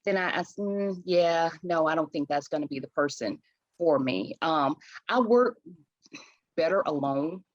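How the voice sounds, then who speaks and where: Woman from chicago, lowish voice, talks with lots of passion, kinda muffled dry sound. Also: measured pace, dry recording. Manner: passionate, animated, restarts often. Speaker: event planner. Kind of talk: interview, storytelling.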